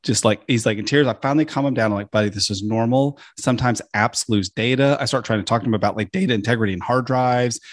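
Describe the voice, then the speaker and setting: A man in his thirties or forties co-hosting a casual podcast, with a medium-pitched voice. He tells stories in an animated way, acting out quotes and laughing often. His voice is recorded close and dry. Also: quick pace, hardly any pauses, no echo. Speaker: podcast co-host. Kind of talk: casual storytelling chat.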